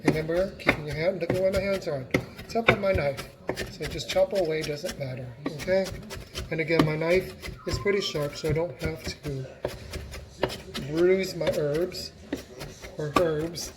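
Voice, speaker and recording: A man's voice: on the high side, moderate pace, very noisy. A man giving a casual cooking demonstration in his home kitchen, chatty and encouraging as he talks while chopping.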